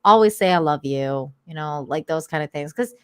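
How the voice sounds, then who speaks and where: A woman's voice: low voice, moderate pace, a bit bright, clear, resonant tone, dry recording, clean studio sound. A woman from Canada, a guest on a talk stream, chatting casually and rambling with many restarts. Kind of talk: casual chat.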